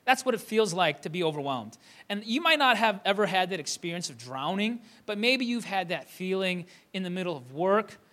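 A man's voice: high-pitched, sharp tone. A young man from Michigan preaching a conversational sermon, with many fillers and restarts. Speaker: pastor.

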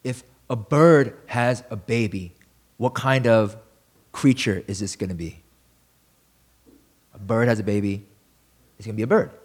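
A man's voice: on the low side, a little slow, long pauses. A man preaching a sermon as a pastor, in a conversational way, often asking the listeners questions.

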